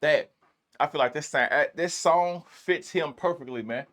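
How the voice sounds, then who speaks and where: A man's voice: fairly high pitch, normal speed, fairly bright tone. A man hosting a music reaction video, talking in a laid-back, slangy way and tagging his sentences with "man". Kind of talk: casual reaction commentary.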